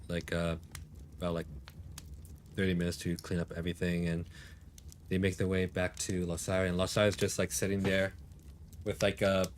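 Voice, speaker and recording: A man narrating as game master of a tabletop game, relaxed, with many fillers. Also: low voice, slight background noise.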